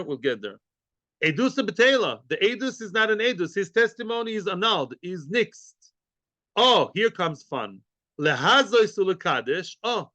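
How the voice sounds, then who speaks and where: A man giving an animated Talmud lesson, acting out little scenes and mixing in Hebrew and Yiddish terms. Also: sits high, dry recording. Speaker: Talmud teacher. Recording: dull, muffled dry recording.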